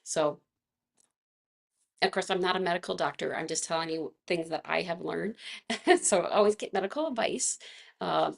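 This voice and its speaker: A woman leading a casual live online movement class, chatty and gentle, laughing often, her voice a little froggy from vocal fatigue. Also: fairly low pitch, gravelly.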